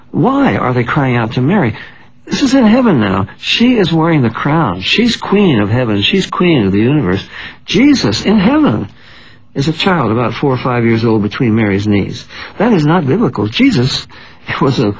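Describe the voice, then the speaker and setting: A man's voice: medium pitch, creaky, husky, poor audio. An older man discussing scripture in an emphatic, preacher-like manner, pressing each point. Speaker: guest Bible teacher. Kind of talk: conversational religious discussion.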